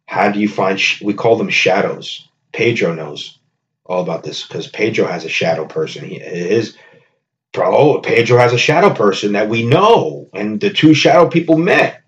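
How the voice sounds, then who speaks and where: A New Jersey man hosts a solo comedy podcast, rambling through a casual monologue full of jokes and profanity. His lowish voice is animated and moderately paced, though the recording cuts off the highs.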